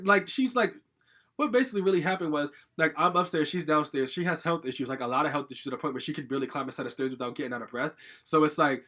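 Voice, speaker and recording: This storytime vlogger, a young man, speaks fast in a high-leaning, bright, forceful voice. He's venting in an agitated, rambling way about his own experience, with plenty of swearing and "like" fillers.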